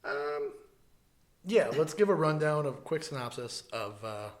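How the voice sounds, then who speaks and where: A man from the Midwest co-hosts a podcast, his voice a little high and expressive at a measured pace. He jokes around in a laid-back, casual chat peppered with fillers.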